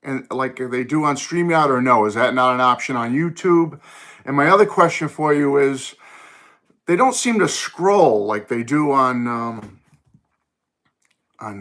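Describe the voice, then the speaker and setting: Middle-aged male streamer, bright tone, loose and chatty, talking into a phone in a home music room. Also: medium pitch. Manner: chatty and rambling, greets viewers by name, thinks aloud. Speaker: live-stream host. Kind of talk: casual live chat with viewers.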